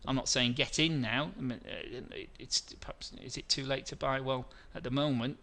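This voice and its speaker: A man's voice: mid-range voice, steady tone, normal speed, bright, forceful tone. A middle-aged man hosting a live trading webinar, walking through charts, answering viewer questions and often correcting himself mid-sentence.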